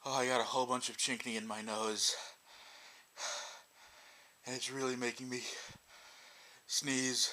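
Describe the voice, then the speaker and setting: A man's voice: mid-range voice, level tone, measured pace, long pauses, sharp tone. A man with a runny, itchy nose, casually narrating his own sneezing in a vlog. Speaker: vlogger. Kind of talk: casual vlog talk to camera.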